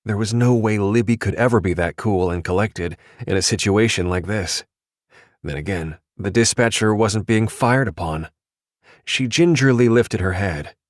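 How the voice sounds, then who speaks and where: A male narrator reads a suspense audiobook in a measured, even way. His voice sits low, and the recording is dry and close with no room sound. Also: dry recording.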